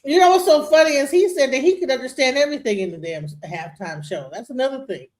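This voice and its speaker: A woman host reacts to played clips, her fairly high voice emphatic and full of disbelief. She stresses her points hard and repeats them to drive them home. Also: fast talker. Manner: animated, incredulous, emphatic. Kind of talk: reaction commentary.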